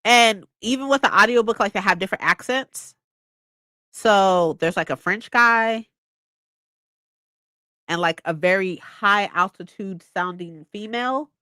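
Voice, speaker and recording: A young woman chatting casually about a book she's reading, excitable, swearing often and acting out lines. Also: mid-range voice, a little slow, pauses often, no room sound, studio quality. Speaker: streamer hosting a reading session.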